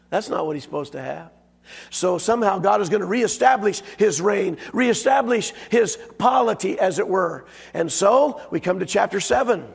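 A hoarse man preaches with a raspy, gravelly edge to his fairly high voice. His delivery is folksy and emphatic, and he hits his key words hard. The sound rings with the long reverb of a church sanctuary. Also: normal speed. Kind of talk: sermon.

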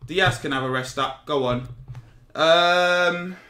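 A young man commentating his own football video game, animated and easily exasperated, full of slang. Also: on the high side, slow. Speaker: gaming YouTuber. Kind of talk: excitable gameplay commentary. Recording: roomy sound with game music. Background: video game music and sound.

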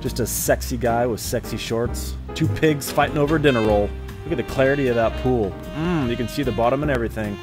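A man's voice: fairly quick, music in the background. A man hosting a video channel about sleep apnea gear, talking in a casual, joking, self-mocking way. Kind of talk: casual vlog talk. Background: his own bass playing.

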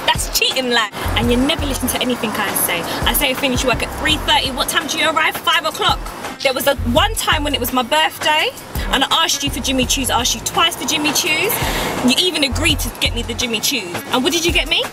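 A woman's voice: sits high, fast talker. A young woman playing a nagging, accusing girlfriend in a comedy sketch. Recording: loud music behind.

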